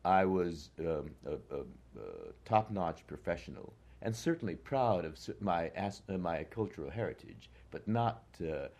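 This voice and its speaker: A man's voice: low-pitched, big pitch swings, moderate pace, hardly any pauses, darkish tone. An older American man, an actor, recalling his past in a conversational interview, reflective and full of hesitations. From United States. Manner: reflective, hesitant with many fillers.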